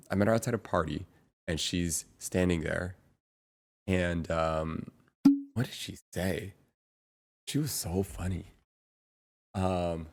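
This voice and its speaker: A man's voice: deep voice, a little mellow. A man chatting casually on a stream, rambling and searching for words with lots of fillers and the odd chuckle. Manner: chuckles between phrases. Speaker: streamer's brother, guest on stream. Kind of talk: casual chat.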